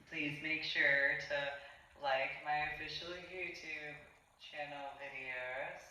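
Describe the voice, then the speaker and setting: A man vlogging a rambling, halting monologue with repeated disdainful interjections. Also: mid-range voice, bright, forceful tone, slight background noise. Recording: very echoey room, speaker far from mic.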